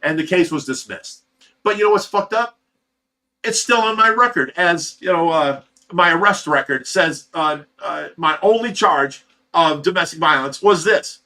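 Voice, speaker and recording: Man, middle-aged, from Ohio, livestream host, casual storytelling, rambling, frequent restarts, bright forceful voice. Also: a little high, normal speed.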